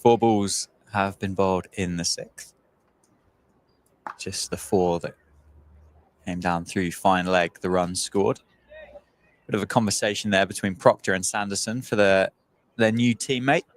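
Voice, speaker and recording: A man calling live cricket play-by-play in a measured, agreeable way. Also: sits low, steady tone. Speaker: cricket commentator. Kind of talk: live sports commentary.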